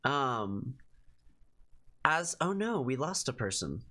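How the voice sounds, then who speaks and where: Halting tabletop game master narrating. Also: medium pitch, very animated, fairly bright tone. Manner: halting, many fillers.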